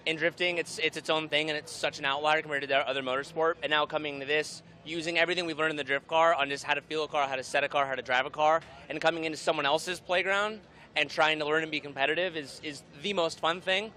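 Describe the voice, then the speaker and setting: A man's voice: a little high, fairly even intonation, quick pace, bright, forceful tone. A male racing driver answering trackside interview questions in a focused, earnest way. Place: outdoors at a racetrack.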